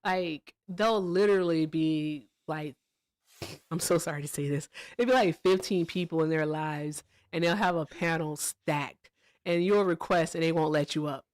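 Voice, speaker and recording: A woman hosting a casual livestream chat, talking in an animated, sarcastic way and laughing often. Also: sits low, normal speed, no echo, studio quality. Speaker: livestream host.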